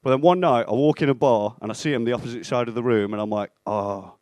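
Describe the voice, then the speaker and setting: A young man performing a stand-up set in a comedy club, with a deadpan, self-mocking delivery and acted-out bits of dialogue. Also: mid-range voice, rapid-fire, no echo. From England (Stoke-on-Trent).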